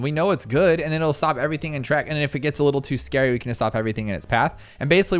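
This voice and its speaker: A young adult man giving casual, excitable commentary as he plays a tower defense game, thinking aloud. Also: mid-range voice. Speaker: gaming YouTuber.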